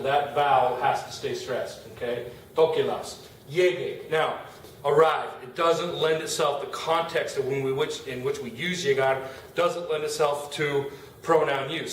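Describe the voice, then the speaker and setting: Echoey, distant male Spanish teacher. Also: on the high side. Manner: patient, repeats example words slowly. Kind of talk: classroom grammar lesson. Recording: very echoey room, distant mic, faint hiss.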